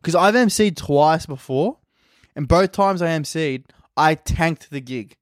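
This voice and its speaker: A man's voice: a little high, lively intonation, measured pace, no echo, studio quality. A man, a stand-up comedian telling rambling stories in a casual podcast monologue and swearing often. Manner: rambling anecdotal storytelling with frequent swearing.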